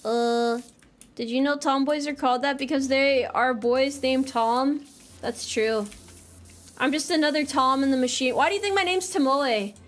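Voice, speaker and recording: A woman streamer giving casual gameplay commentary, playful and teasing. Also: on the high side.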